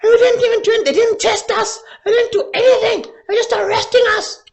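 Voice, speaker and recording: A man voicing a panicked young woman being arrested, wailing and shouting close to tears. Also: extremely high pitch, fairly even intonation, brisk, creaky, pitched above the performer's own voice. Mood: shrieking.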